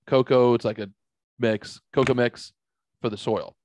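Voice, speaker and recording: A middle-aged podcast host from the St. Louis area tells a story in casual chat full of profanity. His medium-pitched, darkish voice runs at normal speed in a dry recording.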